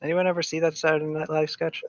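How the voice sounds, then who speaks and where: A game master running a tabletop session, chatting quickly between scenes. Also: medium pitch, level tone, no room sound, dull audio. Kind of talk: tabletop role-play.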